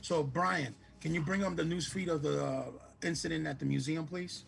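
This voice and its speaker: A man playing his character in a tabletop game, measured and questioning. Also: a little high, fairly even intonation, gravelly. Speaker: player. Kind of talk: in-character tabletop role-play.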